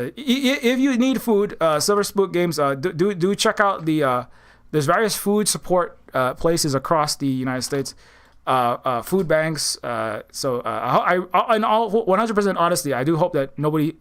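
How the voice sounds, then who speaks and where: A man with a rather high voice delivers a rambling, heated political monologue to his channel's viewers. He stumbles and restarts often and slips into mocking put-on voices. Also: fairly bright tone, smooth. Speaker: political commentator, channel host.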